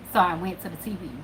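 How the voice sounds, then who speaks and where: Animated, profane woman telling a story. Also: on the low side, noisy background. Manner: animated and profane, swinging between hushed and loud. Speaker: spiritual channel host. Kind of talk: casual storytelling monologue.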